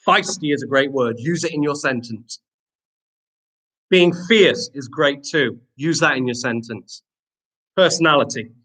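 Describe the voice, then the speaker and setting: A man's voice: medium pitch, a bit bright, low-quality recording. A young man teaching a live online primary lesson, reading pupils' sentences aloud and praising them.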